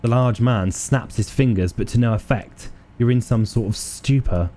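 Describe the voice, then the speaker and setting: A man reading game narration aloud during a playthrough, with a wry, expressive delivery. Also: medium pitch, moderate pace, slight background noise. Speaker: video game player and narrator.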